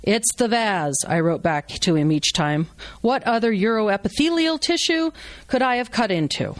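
A woman's voice: medium pitch, expressive, normal speed, no echo, lightly acted. A woman reading aloud as a brash, joking male surgeon who is teaching a procedure. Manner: blunt, wisecracking, instructive. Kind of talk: reading a novel aloud to a live audience.

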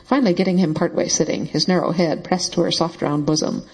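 A man narrating a novel in a steady, even storytelling voice. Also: on the high side, fast talker, gravelly, breathy edge, poor audio. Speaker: audiobook narrator. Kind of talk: scripted narration.

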